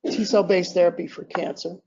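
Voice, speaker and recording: An older man giving an invited academic lecture in a relaxed, self-deprecating way, often clearing his throat and restarting sentences. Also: high voice, brisk. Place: lecture hall. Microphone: handheld or podium mic. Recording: dull lo-fi lecture recording.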